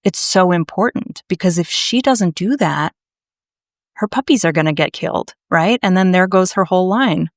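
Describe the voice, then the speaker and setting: A woman from Massachusetts, a naturopathic doctor, telling her story to a podcast host in a blunt, animated way. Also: lowish voice, moderate pace, no echo, clean studio sound. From Massachusetts, USA. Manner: animated, emphatic, blunt, swears freely. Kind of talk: conversational storytelling.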